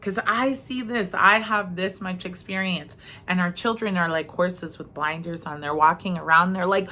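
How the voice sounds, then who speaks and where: A woman's voice: lowish voice, normal speed, few pauses, sharp tone. A middle-aged woman giving an earnest, conversational spiritual talk, often checking in with "right?". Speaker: motivational speaker.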